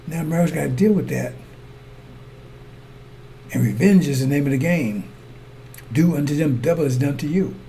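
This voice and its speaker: Gravelly man preaching a sermon. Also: fairly high pitch, moderate pace, pauses often, dark tone, slight background noise. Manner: repetitive, asks listeners to follow along; addresses congregation as brothers and sisters.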